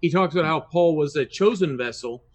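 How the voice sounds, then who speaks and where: A man on a Bible study panel explaining a passage in a measured way, with frequent hesitations. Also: a little high. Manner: measured, many uh fillers.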